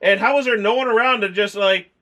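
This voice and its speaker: A man's voice: sits high, fast talker, pushed and bright. A man chatting casually through a movie review, rambling and acting out scenes in mock voices. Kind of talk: casual film review chat.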